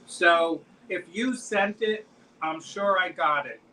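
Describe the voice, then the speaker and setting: A man runs a live-stream jewelry auction, talking slowly through each piece and calling the bids in a chatty way. His voice is bright and slightly high. He sits a little away from the mic, with a faint hiss in the background. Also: distant mic, low-quality recording. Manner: chatty, calls bids and describes items. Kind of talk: live auction selling chat.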